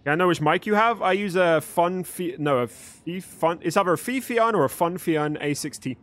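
A young male livestreamer with a fairly bright, high-sitting voice chats live with viewers at a moderate pace while gaming. He jokes around and swears freely.

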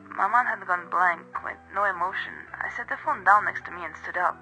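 A man narrating a first-person horror story in a measured, brooding way. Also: high-pitched, pushed and bright, husky, soft background music, poor audio.

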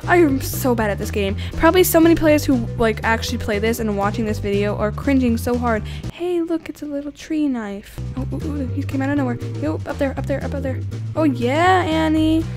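A woman giving casual, giggly, excitable commentary while playing a video game, often laughing at herself. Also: sits high, fairly quick, over music. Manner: giggly, excitable, self-deprecating. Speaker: gaming YouTuber.

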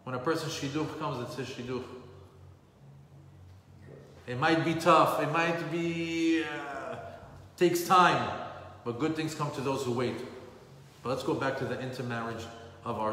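A man's voice: mid-range voice, steady tone, a little slow, pauses often, pushed and bright. Man teaching a Torah class in an echoey hall. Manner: repeats phrases for emphasis, mixes in Hebrew terms. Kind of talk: storytelling Torah lesson. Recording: echoey hall with faint background noise.

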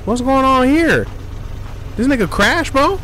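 A man giving loud, profane horror game commentary as a gaming streamer, trash-talking at the screen. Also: extremely high pitch, animated, unhurried, slight background noise.

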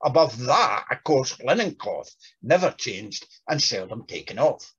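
Male lecturer, very husky and gravelly, lively pitch, dull lo-fi sound. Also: unhurried. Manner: reads quotes with lively voices. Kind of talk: talk with dramatic readings.

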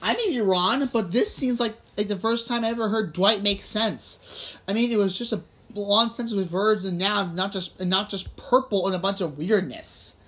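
A woman's voice: mid-range voice, normal speed, a bit bright. A woman reading a children's audiobook aloud in a casual, conversational way. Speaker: audiobook reader. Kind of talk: audiobook narration.

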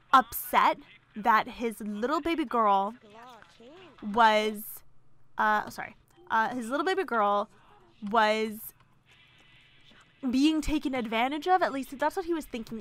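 Woman narrator for a casual let's play; chatty and gossipy, rambles with fillers, voice on the high side. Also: a bit bright. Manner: rambling, many fillers and restarts. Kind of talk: casual game commentary.

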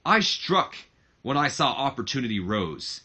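Brash young heir cutting a taunting promo, put on by a male gamer; bright, raised voice. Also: medium pitch, very animated, unhurried, full character voice. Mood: smug taunting. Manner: smug, taunting wrestling promo delivery. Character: brash young man, heir to a wrestling company, taunting his father.

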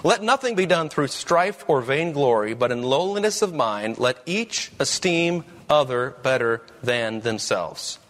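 A man's voice: mid-range voice, animated, unhurried, hardly any pauses, a bit bright. A man preaching a sermon as pastor, with emphatic, rising questions.

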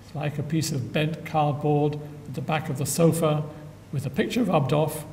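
Gravelly older man lecturing in a hall. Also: fairly even intonation, normal speed, warm tone. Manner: dry humor, many filler "uh"s. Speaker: physicist giving a public lecture. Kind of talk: public science lecture. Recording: echoey hall from far off, faint rumble.

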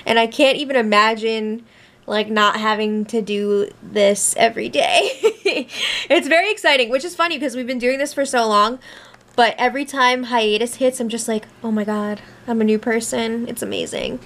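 A woman's voice: a little high, normal speed, a bit bright. Upbeat woman chatting to camera. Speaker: vlogger. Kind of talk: casual vlog chat.

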